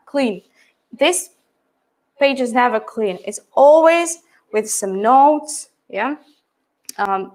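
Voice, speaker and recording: With a slightly high voice, a middle-aged woman explains her methods for teaching English pronunciation. She often pauses to check in with "yeah?" and "right?".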